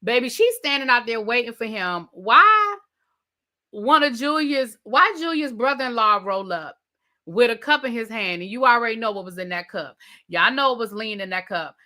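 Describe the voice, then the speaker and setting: Animated woman ranting about a TV show. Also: on the high side, normal speed. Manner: animated, mimics people she describes, talks to chat. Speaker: TV review channel host. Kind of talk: live rant and recap of a reality show.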